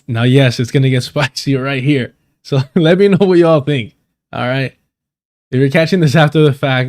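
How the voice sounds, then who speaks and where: A man hosting a casual live stream, reacting to his chat in an animated, self-deprecating way. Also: medium pitch. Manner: animated, self-deprecating, laughs through lines.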